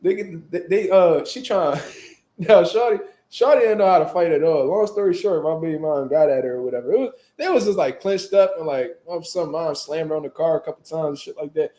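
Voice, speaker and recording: A man telling a story in casual chat, animated and full of profane street slang. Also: fairly high pitch, a little fast, echoey room. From Philadelphia, US. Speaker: boxing show host.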